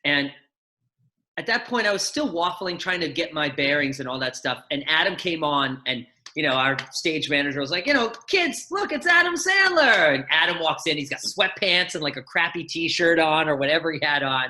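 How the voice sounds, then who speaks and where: Bright-voiced animated man telling stories. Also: fairly high pitch, normal speed. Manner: animated storyteller, acts out voices and shouts. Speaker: guest, actor and former kids' show host. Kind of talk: casual chat, storytelling. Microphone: video call.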